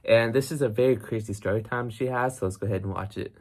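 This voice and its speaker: A man's voice: fairly low pitch, fast, darkish tone. A man hosting a reaction video, chatting casually and putting questions to his viewers. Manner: talks to viewers with questions and asides.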